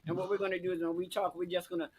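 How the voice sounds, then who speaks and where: Speaking very fast into a home webcam, a man hosts a live online talk show, camp and profane, sassily teasing his guests and leaning hard on "bitch" and "honey." His voice is high with little pitch movement, darkish and edged with breath.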